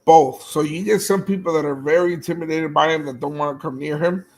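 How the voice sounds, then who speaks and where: A man's voice: fairly high pitch, fairly even intonation, fairly quick. A man, a dog breeder, talking casually about his dogs and litters, laughing easily and trailing off mid-sentence. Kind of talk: casual chat.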